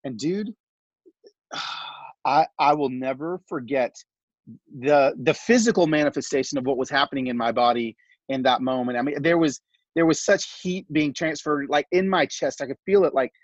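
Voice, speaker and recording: A middle-aged man tells a personal story in an animated, heartfelt, casual way, stumbling over fillers. His voice is husky and sits a little high. The recording is dry and slightly dull. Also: moderate pace, no echo. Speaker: podcast guest.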